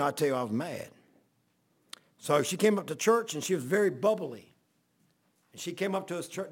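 A middle-aged man, a pastor, telling a long folksy story in a rambling sermon. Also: a little high. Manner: folksy, rambling anecdotal preaching.

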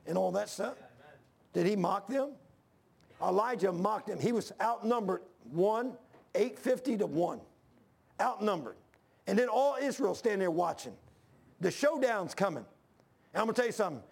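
Gravelly high-voiced fiery preacher man. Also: lively intonation, normal speed. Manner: fervent, rising to near shouts when worked up. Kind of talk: fiery sermon.

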